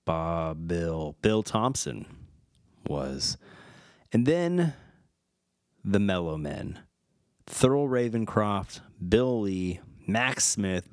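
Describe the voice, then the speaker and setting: A podcast host with a lowish male voice reads fun film trivia aloud during a casual retrospective, tripping over names and chuckling as he goes. The recording is studio quality and completely dry, with no room sound.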